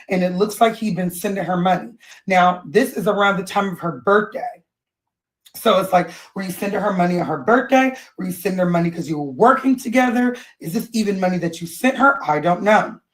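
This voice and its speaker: A woman with a medium-pitched voice, captured in poor audio, hosts a chatty gossip livestream. She reads out posts and texts from her phone or webcam as she talks.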